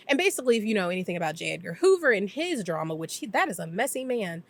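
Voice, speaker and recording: A woman's voice: medium pitch, big pitch swings. A woman casually recapping a TV episode for her channel, talking freely with lots of filler words. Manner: chatty, filler-heavy, slips into quick impressions. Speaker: YouTube TV reviewer.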